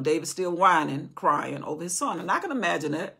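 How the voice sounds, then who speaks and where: A woman's voice: on the low side, animated, fairly quick, vocal fry, hardly any pauses, bright, forceful tone, husky. A woman teaching an informal Bible study indoors, talking conversationally with rhetorical questions and frequent restarts. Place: indoor room with candles.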